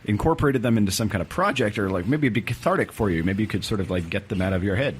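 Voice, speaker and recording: Low, husky male co-host, fast, lively wisecracks. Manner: wisecracking, quick asides. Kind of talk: casual podcast chat.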